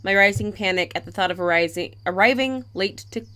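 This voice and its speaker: A woman's voice: medium pitch, a little fast, bright, forceful tone. A woman playing a visual novel, reading its text aloud and breaking off to comment with giggles.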